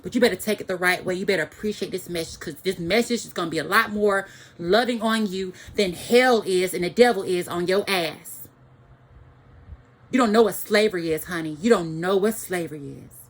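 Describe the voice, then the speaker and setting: A woman's voice: on the low side, fairly quick. A woman giving an angry, profane ranting monologue to the camera, repeating phrases for emphasis.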